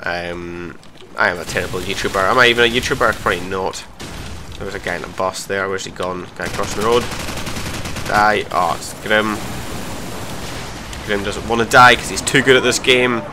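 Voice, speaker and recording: A young man giving live commentary over his own gameplay, swearing and mocking himself between sudden excited outbursts. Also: on the low side, moderate pace, pauses often, background noise. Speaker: gaming commentator.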